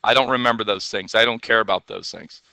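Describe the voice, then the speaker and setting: Bright, crisp-voiced man teaching a class. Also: fairly low pitch, fast talker, dry recording. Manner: chatty, asks the class questions, playful asides. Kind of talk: classroom software lesson.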